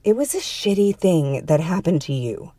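A woman voicing a giant, blunt double of the heroine who speaks low, firm and urgent. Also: big pitch swings, normal speed, dark tone, dry recording. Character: towering blunt woman, the other self, tough but caring.

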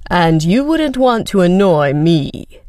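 A woman's voice: fairly low pitch, sing-song, slow, darkish tone, no room sound, studio quality. A woman reading a story aloud, voicing a pompous, entitled young male prince who talks down to everyone. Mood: menacing. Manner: smug, condescending, grabby.

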